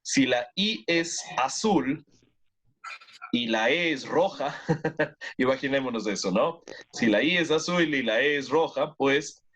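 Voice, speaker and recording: An encouraging bilingual English teacher, a native Spanish speaker, leads an online class, switching between English and Spanish and repeating words for drills. His medium-pitched voice is animated, unhurried and a bit bright.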